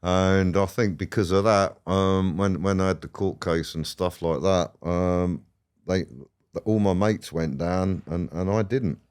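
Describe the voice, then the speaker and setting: A man's voice: deep voice, fairly even intonation, unhurried, a little mellow, smooth. A man, a podcast guest rambling through stories, swearing and laughing as he goes. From England. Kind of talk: casual storytelling interview.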